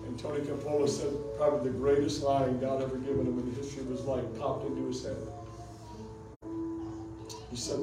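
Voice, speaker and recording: A man preaching at a revival service, telling a story with fervor and breaking into shouts. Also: medium pitch, level tone, a little fast, long pauses. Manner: fervent, rising to shouts in quoted speech. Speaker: evangelist. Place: church. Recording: echoey church hall from a distance, music behind.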